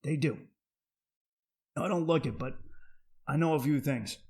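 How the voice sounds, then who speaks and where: A man hosting a comedy podcast, ranting in a brash, profane and animated way and swearing freely. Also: on the high side, moderate pace, breathy edge. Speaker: podcast host.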